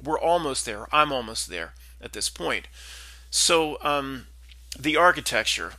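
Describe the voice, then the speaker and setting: Casting note: man, gravelly edge, very bright tone, meandering skeptical podcast ramble. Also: medium pitch, expressive, unhurried, no echo. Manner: meandering, skeptical, full of restarts and asides. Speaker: podcast host. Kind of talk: rambling casual monologue.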